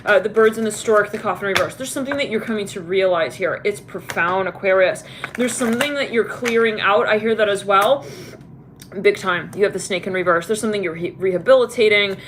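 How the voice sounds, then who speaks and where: Woman tarot reader, casual and chatty, mid-pitched voice, noisy hiss behind. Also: a little fast. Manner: chatty, laughing, voices quoted people in a high pitch. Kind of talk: casual tarot reading to camera.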